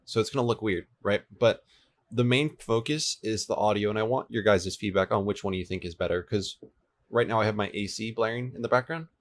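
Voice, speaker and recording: A man's voice: fairly low pitch, a little fast. Laid-back young man chatting on a stream. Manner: laid-back, chatty, answers viewers' chat as he works. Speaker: livestreamer coding a game server. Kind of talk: casual livestream chat. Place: home room with an air conditioner running. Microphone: desk microphone, switching between two.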